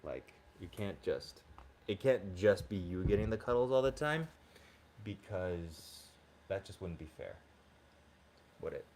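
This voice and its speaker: Low-voiced man chatting on a home livestream. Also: very animated, measured pace, long pauses, darkish tone, slight background noise. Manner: chatty, cooing baby talk at his dogs, reading out viewer comments. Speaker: livestream host. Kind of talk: casual livestream chat while cooking.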